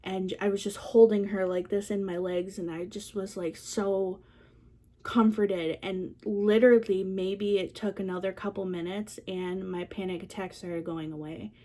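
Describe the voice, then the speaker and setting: A young woman vlogger telling a personal story in a soft, candid way, with many fillers and trailing pauses. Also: medium pitch, little pitch movement.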